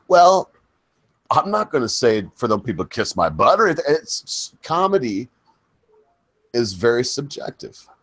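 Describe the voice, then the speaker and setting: A man's voice: mid-range voice, big pitch swings, normal speed, a bit bright, no room sound. A middle-aged man hosting a chat show, asking meandering questions and drifting into rants. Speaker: host. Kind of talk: casual chat.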